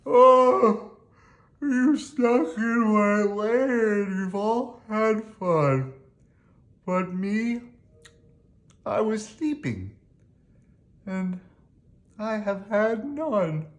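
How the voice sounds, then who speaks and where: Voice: medium pitch, expressive, very slow, pauses often, pitched above the performer's own voice. A storybook reader voicing a big, sulky bear who whines and complains in a raised, pouty voice. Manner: whiny, complaining.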